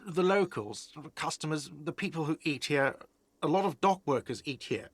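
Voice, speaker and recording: Sarcastic game innkeeper, curt, dry sound. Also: male voice, fairly high pitch, expressive, moderate pace, breathy edge, no room sound. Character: irritable, sarcastic male hostel manager. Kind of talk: game voice acting.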